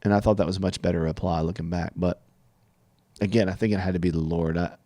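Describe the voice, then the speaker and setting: Deep-voiced earnest man. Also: a little mellow, no room sound. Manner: earnest, reflective, with halting restarts. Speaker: podcast guest telling his story. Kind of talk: personal storytelling monologue.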